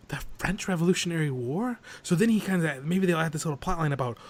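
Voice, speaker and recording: Animated ranting man, lively pitch. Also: a little fast. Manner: animated ranting, swears, mocks with sudden pitch jumps. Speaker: podcast co-host. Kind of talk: casual movie review chat.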